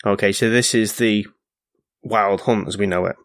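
A man's voice: fairly low pitch, fairly even intonation, moderate pace, a bit bright, dry recording. A man co-hosting a podcast, chatting casually with fillers and restarts, and reading an old folk tale aloud.

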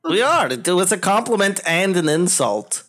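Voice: medium pitch, very animated, moderate pace, a bit bright. Player doing a young paladin guy, exasperated, kinda preachy, voice swoops up and down a lot. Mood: lecturing. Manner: exasperated, mildly condescending. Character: earnest young male paladin, lecturing and exasperated. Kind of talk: in-character tabletop role-play.

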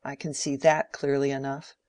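A woman's voice: a bass voice, little pitch movement, normal speed, darkish tone, no room sound. A woman reader voicing a bitter, angry young man in an audiobook.

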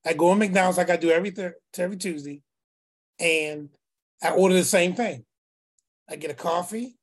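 A man casually telling a story in a class over a video call. He talks in an animated way and acts out the other people in his story. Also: high-pitched, a little fast. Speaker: class participant.

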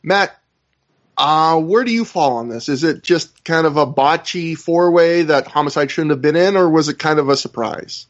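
A man hosting a podcast, recapping events in a relaxed, casual way with fillers. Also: on the high side, moderate pace, dull audio. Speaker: podcast host. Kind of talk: casual chat recapping wrestling.

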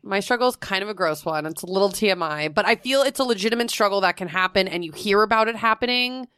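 A young adult woman hosting a podcast, blunt and lively, telling stories in casual chat. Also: mid-range voice, fast talker, smooth, no echo, clean studio sound. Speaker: podcast host.

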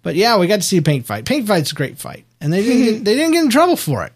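Rambling, animated man podcaster. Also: high-pitched, fast, breathy edge. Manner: rambling, animated, frequent restarts. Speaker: podcast co-host. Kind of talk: casual show recap chat.

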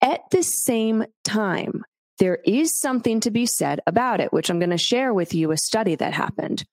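A woman's voice: mid-range voice, lively intonation, moderate pace, a little mellow, dry recording. Straight-talking woman host, talks right to the listener, dry booth sound. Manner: blunt and candid, swears casually, addresses the listener directly. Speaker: podcast host. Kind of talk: solo podcast monologue.

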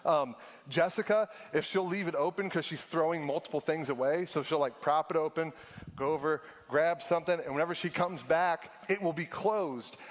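A man, preaching a sermon in a casual storytelling way that slows down for emphasis. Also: a little high, big-room sound. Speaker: pastor.

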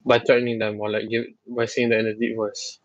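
A man hosting a podcast in casual chat, teasing and animated, with lots of fillers. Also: lowish voice, a little fast, lo-fi sound. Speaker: podcast host.

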